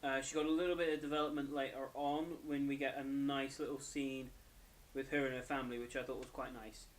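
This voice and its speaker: A man's voice: mid-range voice, level tone, a little fast, a little hiss or hum. A young man, tired and yawning, casually reviewing an anime episode in a rambling, self-correcting way.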